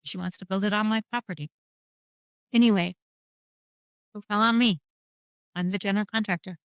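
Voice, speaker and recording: A woman's voice: mid-range voice, fairly even intonation, moderate pace, fairly bright tone, smooth, no echo. A middle-aged woman talking frankly and wryly about grief as a guest, telling her story with lots of quoted back-and-forth. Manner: frank, wry, rambling storytelling with quoted dialogue. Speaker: podcast guest. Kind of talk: candid conversation about grief.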